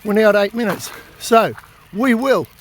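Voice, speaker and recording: Australian male activist, high voice, defiant and indignant, phone-filmed, faint noise behind. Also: moderate pace. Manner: defiant, indignant, raises his voice to make points. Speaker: animal rights activist. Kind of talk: impassioned filmed monologue and confrontation. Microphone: phone camera held by speaker.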